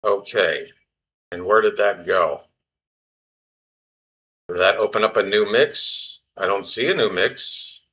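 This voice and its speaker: A man's voice: lowish voice, slow, pauses often, bright, forceful tone. A man hosting a live baseball stream, doing casual play-by-play in a flustered, self-deprecating way and talking to himself.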